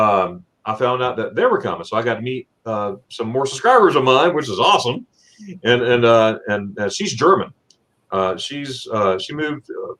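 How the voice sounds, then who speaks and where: A middle-aged man chatting on a livestream. He rambles along in a mid-pitched voice, stacking "uh"s and repeating words as he retells a trip. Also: fairly bright tone. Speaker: host. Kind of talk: casual livestream storytelling.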